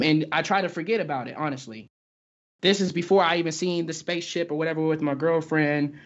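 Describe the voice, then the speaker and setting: A young man, a guest in a casual interview, recounts his own experience in halting speech full of fillers and restarts. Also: on the high side. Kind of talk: casual storytelling. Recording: dull lo-fi recording.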